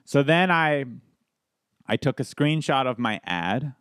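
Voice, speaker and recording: A man's voice: medium pitch, big pitch swings, slow, fairly bright tone, clear, resonant tone, no room sound, studio quality. A man, a comedian, telling stories in a casual podcast chat, rambling with restarts and laughs. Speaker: guest comedian.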